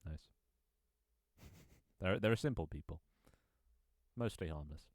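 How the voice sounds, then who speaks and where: Deep-voiced male gaming streamer, playful and joking, dry close sound. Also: expressive, unhurried, a little mellow, no echo. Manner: playful, joking, chuckles often. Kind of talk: casual gameplay chat.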